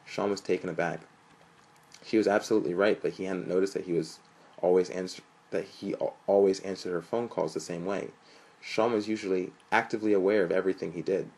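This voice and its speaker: Young male storyteller, low-pitched and gravelly, even and flat delivery. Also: fairly quick, low-quality recording. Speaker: narrator. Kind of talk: reading a story aloud.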